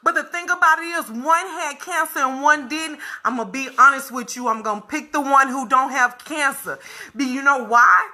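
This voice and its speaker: A woman's voice: high-pitched, moderate pace, pushed and bright. A woman vlogger talking candidly to her viewers, emphatic and repetitive, speaking to them directly.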